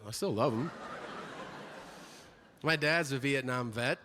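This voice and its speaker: A man doing a stand-up comedy routine on stage, animated, breaking into high-pitched voices for the people he quotes. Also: slow. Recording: live in a reverberant hall with audience noise. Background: audience laughter.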